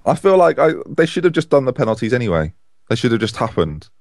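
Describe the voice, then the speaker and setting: A man co-hosting a casual football podcast, animated and opinionated. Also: medium pitch, quick pace, dry recording, clean studio sound. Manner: animated, opinionated, chatty with restarts. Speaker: podcast co-host.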